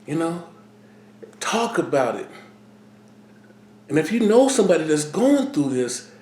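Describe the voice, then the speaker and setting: A middle-aged man talking earnestly in a personal vlog, halting and repeating himself as he speaks. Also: a little high, big pitch swings, a little mellow, roomy sound. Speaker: vlogger. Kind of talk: personal vlog talk to camera.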